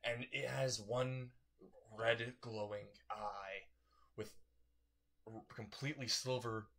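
Man, casual fan-story narrator, low pitch, rambling, self-correcting. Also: fairly bright tone. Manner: rambling, corrects himself mid-sentence.

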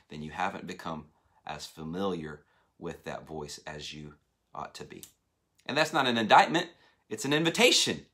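A man in his thirties preaching a sermon as a pastor, animated and acting out voices as he speaks. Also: deep voice. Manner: animated, acts out phone voices. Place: church hall.

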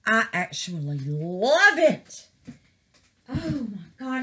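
Slow, lively-pitched woman vlogger. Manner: affectionate, calls viewers babies and honey. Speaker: craft vlogger. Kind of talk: casual chat to viewers.

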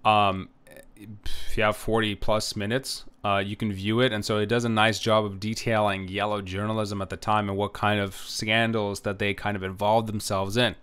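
A male history lecturer talks through his slides in a loose, rambling way. He pads his sentences with "uh"s and keeps checking in with "right?". His voice sits low and comes across smooth and clean. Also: level tone, moderate pace, fairly bright tone. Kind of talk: recorded classroom lecture.

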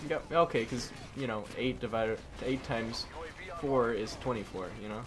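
A man's voice: medium pitch, moderate pace. A man commentating his own shooter gameplay, talking to himself and swapping in mild words for swears. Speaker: gaming commentator. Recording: gunfire game audio behind the voice. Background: game gunfire.

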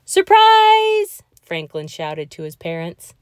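Woman reading a kids book aloud, slow and super expressive, dry close sound. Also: fairly low pitch, no echo. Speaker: children's book reader. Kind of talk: read-aloud storytelling.

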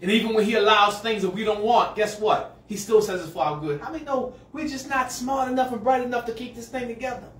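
A male pastor preaching a sermon to a congregation, moving between quiet asides and shouted call-and-response lines. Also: very high voice, fast talker, few pauses. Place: church sanctuary with a congregation. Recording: echoey hall, mic far off. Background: congregation answering.

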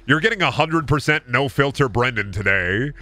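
A man's voice: mid-range voice, animated, normal speed, over music. A man in his late twenties from Iowa with a Midwestern accent, rambling crudely and joking through a casual game stream, tired from little sleep. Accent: Midwestern American. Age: 20s. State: sleep-deprived. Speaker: gaming streamer. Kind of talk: casual livestream commentary.

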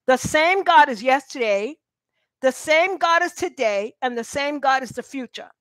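A woman's voice: sits high, lively intonation, normal speed, a bit bright, no room sound. A woman teaching a sermon, exhorting her listeners directly and reading scripture aloud. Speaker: Bible teacher.

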